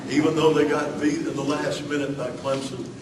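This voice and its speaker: A Southern-accented man preaching in a church, chatty and folksy, always reaching for asides and fillers. His voice sits a little high for a man. It comes from some distance off the mic in a roomy hall, with a faint hiss underneath. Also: flat delivery, moderate pace. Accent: Southern US (Alabama). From Alabama, US. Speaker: pastor. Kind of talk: sermon.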